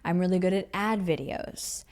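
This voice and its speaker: Her fairly low, slightly mellow voice holds a steady tone at normal speed. Hosting her own casual solo podcast, she riffs off the cuff, emphatic and chatty like a teacher, scattering "like" and "you know" throughout.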